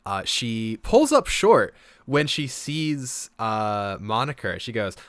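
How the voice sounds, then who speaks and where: A man narrating as game master in a tabletop game, hesitant and full of fillers. His voice is bright, with a lively rise and fall, recorded close and dry. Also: mid-range voice, slow pace, no room sound.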